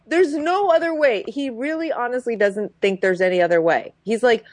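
A woman's voice: a little high, moderate pace, dry recording. A woman casually chatting as a podcast co-host, recapping a reality show and acting out quotes with lots of fillers. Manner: expressive, acts out quotes, frequent fillers.

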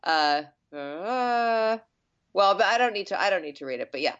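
A woman in casual podcast chat, retelling a show scene by scene and slipping into the voices of the people she quotes. Her pitch sits mid-range, and the sound is muffled and lo-fi. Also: expressive, moderate pace, a bit bright, clear, resonant tone. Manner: chatty retelling, acting out the quotes. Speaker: podcast co-host.

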